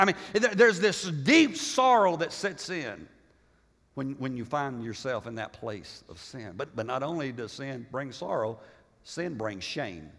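A man preaching a sermon with emphatic repetition, swinging between loud passages and hushed ones. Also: medium pitch, expressive, measured pace, big-room sound. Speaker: pastor.

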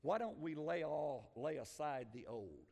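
A man's voice: fairly high pitch, animated, measured pace, warm tone, big-room sound. A man preaching a sermon as a pastor, talking emphatically with frequent restarts and building in volume.

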